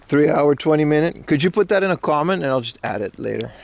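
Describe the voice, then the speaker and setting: A man's voice: fairly high pitch, expressive, quick pace, vocal fry. Rambling man livestreaming outdoors. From Caribbean. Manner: chatty, rambling, joking with chat. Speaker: IRL livestreamer. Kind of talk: casual livestream chat. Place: outdoors walking through streets. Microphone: camera rig carried while walking.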